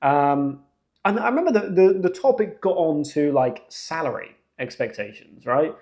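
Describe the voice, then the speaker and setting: Young male podcast host, lively storyteller, slangy and animated, slightly higher voice. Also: normal speed. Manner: animated, slangy, jumps into acted quotes. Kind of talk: casual storytelling.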